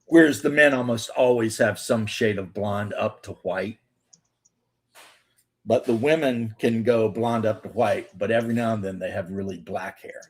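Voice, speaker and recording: A man's voice: lowish voice, normal speed, slightly rough. Rambling joking male host. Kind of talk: casual chat while painting.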